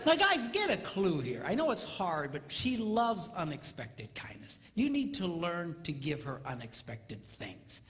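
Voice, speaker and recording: A man giving a comedic seminar talk on marriage, animated and mimicking squealing women in falsetto. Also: unhurried, hardly any pauses. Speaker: comedic relationship speaker. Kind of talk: stand-up style seminar talk. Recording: live hall, faint ambience.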